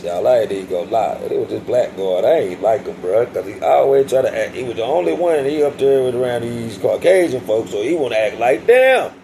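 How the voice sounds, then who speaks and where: A man's voice: mid-range voice, mellow, slight background noise, rough recording. A young adult man telling a casual storytime vlog, slangy and profane, often addressing his listeners directly. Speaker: vlogger telling a prison story.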